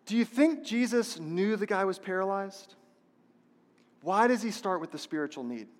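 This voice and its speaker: A man's voice: high voice, lively intonation, normal speed. A man preaching a sermon as a pastor, passionate and repetitive, asking the congregation rhetorical questions. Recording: long reverb of a large hall.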